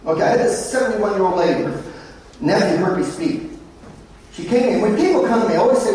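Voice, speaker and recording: A psychologist giving a lively storytelling talk at a conference, acting out conversations with clients. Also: male voice, high voice, fast, slight background noise. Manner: animated, acts out client dialogues in a raised voice. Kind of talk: storytelling presentation to an audience. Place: conference hall. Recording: echoey hall, speaker far from the mic.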